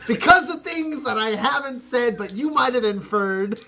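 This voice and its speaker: A game master narrating a tabletop game in a loose, rambling way, full of fillers and laughter. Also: sits high.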